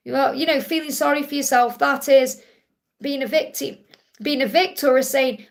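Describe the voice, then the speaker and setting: A woman's voice: high-pitched, fairly even intonation, normal speed. A woman hosting a live tarot reading stream, answering viewers' questions in a reassuring, affectionate way and speaking to them directly. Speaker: tarot card reader and live stream host.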